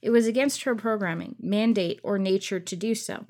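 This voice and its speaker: A woman with a mid-range voice taking turns reading a novel aloud. She teases her co-host with quick, dry comebacks between passages. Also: mid-range voice, a little mellow. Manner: teasing, quick-witted. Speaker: co-host and reader. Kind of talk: casual banter while reading a novel aloud.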